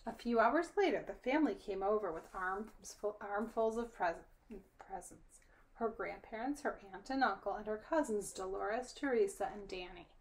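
Lady reading a kids' story, hushed and whispery, bit of gravel in the voice. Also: medium pitch, animated, moderate pace. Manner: soft, often whispered narration. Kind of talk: storybook read-aloud.

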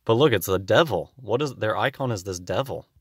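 Low-voiced young man, casual musing. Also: animated, fairly quick, breathy edge, no echo, studio quality. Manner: rambling, musing, reads old text aloud. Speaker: video host. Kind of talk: casual commentary on old clippings.

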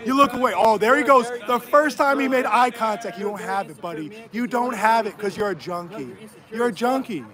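Street protester heckling on a livestream: high-pitched man, taunting and repetitive, crowd noise all around. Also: a little fast. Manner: taunting, mocking, repetitive jeers. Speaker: protester filming a street confrontation. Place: city street at night outside a restaurant.

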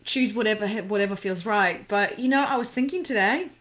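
Speaking briskly in a fairly bright, medium-pitched voice, a woman runs a casual live stream coaching people through anxiety. She reacts to viewer comments with bubbly enthusiasm, rambling and using many fillers.

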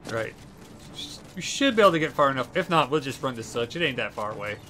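A man's voice: mid-range voice, sing-song, quick pace, pushed and bright, slight background noise. A young man livestreaming a video game, chatting casually and playfully, giggling and talking to the characters. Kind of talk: casual gameplay commentary.

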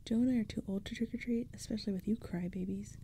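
A woman voicing a mocking teenage boy bully in a whispered role-play, with a soft, breathy whisper. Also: medium pitch, fairly even intonation, fast talker, slight background noise, close to an everyday voice. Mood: taunting.

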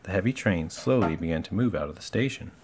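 Reading a children's storybook aloud, a man with a fairly low voice keeps things relaxed and homely, tossing in friendly asides and making small slips. He moves at a quick pace, with some background noise behind him.

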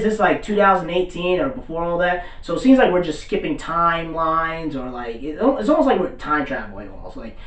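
Slangy man recapping, roomy distant sound. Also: fairly high pitch. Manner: loose slangy retelling, acts out characters' lines. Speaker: anime reviewer. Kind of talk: casual episode recap.

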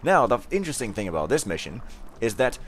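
A man's voice: mid-range voice, sing-song, quick pace, a little hiss or hum. A man giving casual let's play commentary, rambling with self-mocking, jokey asides.

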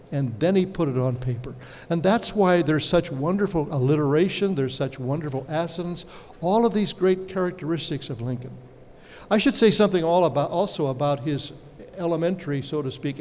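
A man's voice: on the high side, darkish tone. A man giving a conference lecture, telling stories and putting questions to his audience. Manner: storytelling with rhetorical questions to the audience. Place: large hall. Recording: reverberant hall, faint background noise.

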